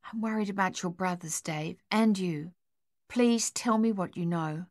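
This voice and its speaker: Woman doing an anxious mum, low and hushed, pleading, dry sound. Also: unhurried, dry recording. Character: worried anxious mother pleading with her son.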